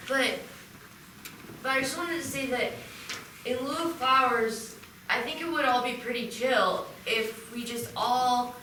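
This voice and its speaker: A woman's voice: on the high side, a little slow, sharp tone, recorded from a distance, a little hiss or hum. A woman playing a tipsy, laid-back college radio kid. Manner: laid-back, rambling, slangy. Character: tipsy young college radio station manager. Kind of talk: live improv comedy. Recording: roomy live stage recording from afar.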